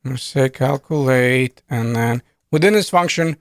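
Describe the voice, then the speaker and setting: A man records a coding lesson at his desk in a mid-range voice. He explains in a loose, conversational way, pausing to think aloud. The sound is close and dry, with no room echo. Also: mid-range voice. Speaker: programming instructor. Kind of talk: screen-recorded coding tutorial.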